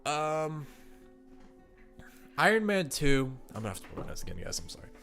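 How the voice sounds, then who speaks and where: A man's voice: fairly high pitch, animated, rapid-fire, gravelly, a bit bright, faint music behind. A stuffed-up man chatting casually to viewers while ranking movies, thinking aloud with fillers and restarts.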